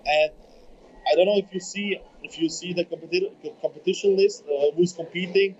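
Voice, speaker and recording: A man in his twenties with a German accent, a bodybuilder speaking English as a second language in a casual interview, halting and repeating words as he searches for them. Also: high voice, fairly even intonation, a little mellow, a little hiss or hum. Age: 20s. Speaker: bodybuilder guest. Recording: dull lo-fi remote audio.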